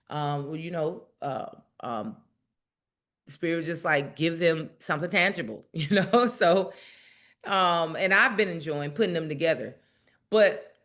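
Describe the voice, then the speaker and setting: A woman's voice: on the low side, fairly bright tone. A woman hosting a casual spiritual livestream, chatting directly to her viewers and laughing often.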